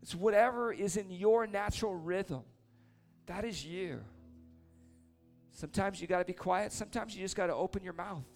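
A man preaching casually, telling a lively story and then praying over people in a church or meeting hall. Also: high voice, moderate pace, soft background music. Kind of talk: sermon with story and prayer.

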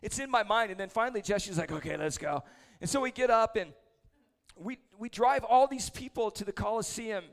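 Gravelly, upbeat preaching man. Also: high voice, normal speed, a bit bright. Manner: chatty, self-deprecating, humorous anecdotes. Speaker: prayer leader preaching. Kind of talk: storytelling sermon. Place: church service before a congregation.

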